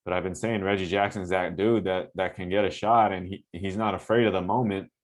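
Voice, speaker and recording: A low-voiced man who trains basketball players breaks down game film in a loose, conversational way. He gets animated over good plays and keeps checking in with the listener. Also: a little fast. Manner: animated, coaching asides with frequent "right?". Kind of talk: casual film-breakdown commentary.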